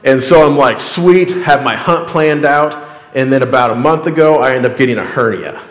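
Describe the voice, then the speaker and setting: A pastor with a mid-range voice gives a casual, chatty storytelling sermon at a fairly quick pace, acting out dialogue and saying "like" often. The sound is reverberant, with a long reverb tail.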